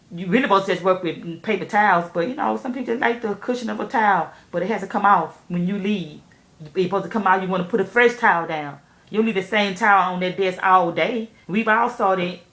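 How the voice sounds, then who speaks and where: A woman telling a story candidly to camera, animated and profane, speaking straight to her viewers. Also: mid-range voice, fairly quick, echoey room. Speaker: nail technician vlogger.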